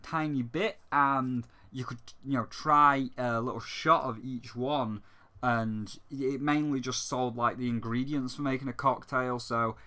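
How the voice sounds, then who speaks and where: Bright-voiced chatty young guy vlogging. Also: mid-range voice, steady tone, a little slow. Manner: rambling, chatty, many fillers. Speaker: gaming YouTuber. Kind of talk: casual vlog over gameplay.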